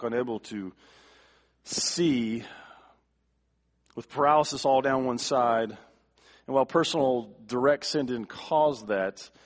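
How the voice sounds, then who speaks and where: A male pastor delivering a sermon, emphatic, repeating words for stress and swinging from quiet to forceful. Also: medium pitch.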